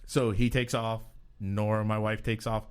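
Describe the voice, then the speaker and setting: A man's voice: fairly low pitch, flat delivery, moderate pace, smooth. A man co-hosting a podcast who tells a long funny story in a casual, self-mocking way. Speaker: podcast co-host.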